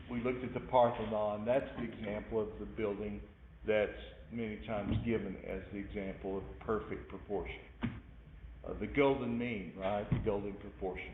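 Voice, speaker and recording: A man teaching an art class, recapping in a rambling way with many fillers and asides. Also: fairly low pitch. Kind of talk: recorded lecture recap. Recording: echoey room over a tinny phone-like line with faint noise.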